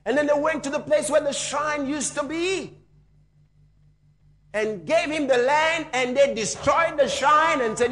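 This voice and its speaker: A male pastor telling a story in a sermon, swinging dramatically from hushed tones to shouting. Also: extremely high pitch, expressive, a little slow, long pauses.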